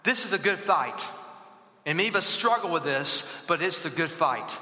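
Bright-voiced male pastor preaching in an echoey hall. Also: on the high side, animated, normal speed. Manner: preaching with call-and-response to the congregation. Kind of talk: sermon. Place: church auditorium. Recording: echoey hall with long reverb.

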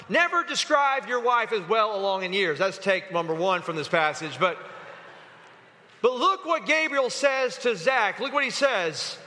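A man with a high, bright voice preaches to his church and keeps urging the congregation to read along. His words ring out with a long hall reverb behind them. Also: big pitch swings, measured pace. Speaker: pastor. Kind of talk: sermon. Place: church sanctuary.

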